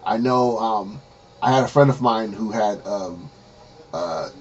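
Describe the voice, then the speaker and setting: A man hosting a casual podcast interview, telling stories with lively acted-out quotes and frequent laughter. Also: fairly low pitch, a little slow, breathy edge, dull audio. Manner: animated storyteller, acts out quotes, laughs often. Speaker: podcast host.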